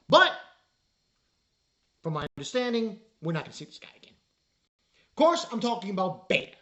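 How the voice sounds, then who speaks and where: A man reviewing an anime episode in a casual spoken style, exasperated and rambling, halting on fillers. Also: sits high, sharp tone.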